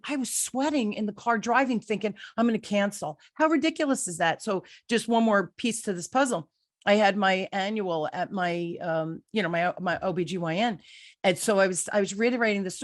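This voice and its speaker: A middle-aged woman hosts a conversational interview and tells animated stories, acting out dialogue. Her voice sits at a middle pitch. The sound is dry and close. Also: no echo. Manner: animated storyteller, acts out dialogue. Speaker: podcast host.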